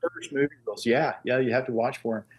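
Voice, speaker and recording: A man's voice: mid-range voice, quick pace, breathy edge. A middle-aged man in casual conversation, telling long stories loosely with many fillers. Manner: relaxed anecdotes with many fillers. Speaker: guest, engraver. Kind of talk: casual chat, storytelling.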